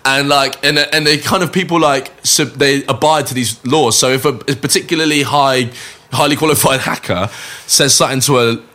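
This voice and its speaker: A man's voice: mid-range voice, moderate pace, sharp tone. A young man telling a rambling story in casual chat, full of "like" fillers.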